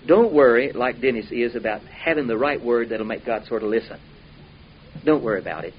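A man's voice: medium pitch, fairly quick. A man preaches in a folksy, emphatic style, his voice swelling and then falling to a murmur. The recording sounds dull and lo-fi, with a faint hiss underneath. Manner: folksy, emphatic, rising and dropping volume. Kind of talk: sermon.

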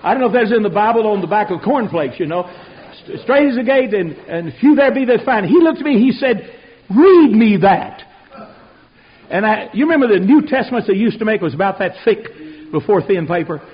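An older man preaching a sermon, telling folksy stories that swing from quiet asides to loud outbursts. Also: high voice, expressive, fast. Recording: dull lo-fi radio recording.

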